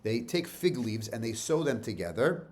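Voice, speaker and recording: A man's voice: mid-range voice, sing-song, normal speed, darkish tone. Casual man teaching verse by verse. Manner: reads Hebrew verses then explains them in plain casual English, often repeating himself. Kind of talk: verse-by-verse Torah lesson for students.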